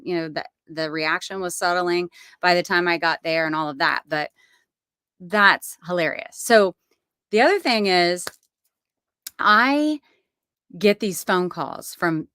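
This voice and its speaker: A woman's voice: fairly bright tone, no room sound, studio quality. Chatty middle-aged woman vlogger. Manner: chatty storyteller, acts out quotes in a higher voice. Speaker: vlog host. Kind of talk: casual chat.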